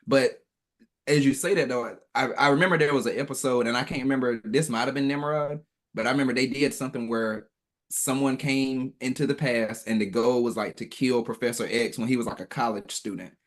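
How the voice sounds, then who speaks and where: A man's voice: mid-range voice, a little fast. A man in casual podcast chat, rambling as he tries to recall details. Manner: rambling, hesitant recall with many "like"s.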